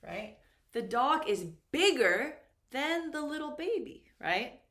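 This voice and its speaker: A woman teaches a grammar lesson in a slow, patient, deliberate way, often pausing to check that learners follow. Her voice sits fairly high. The room around her echoes. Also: very animated, fairly bright tone. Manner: slow, deliberate, repeats and checks with "right?" and "okay?". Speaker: English teacher. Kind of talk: classroom grammar lesson at a board.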